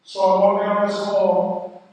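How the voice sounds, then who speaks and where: A man's voice: high-pitched, level tone, slow, darkish tone. A man from Inglewood, California, telling a personal story to a school assembly as a motivational speaker, earnest, often restarting and repeating his words. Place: large school hall. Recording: echoey hall from far off.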